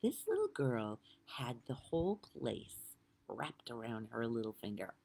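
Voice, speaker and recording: A middle-aged woman telling a story in a casual, lively way, laughing often and swearing now and then. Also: extremely low pitch, a little slow, creaky. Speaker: vlogger.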